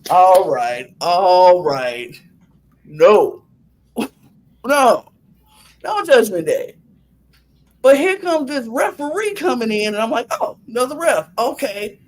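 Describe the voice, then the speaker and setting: A young woman on a podcast recapping a wrestling match in animated casual chat, acting out her own gasps and laughs. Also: mid-range voice, slow pace, long pauses, poor audio. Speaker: podcast co-host.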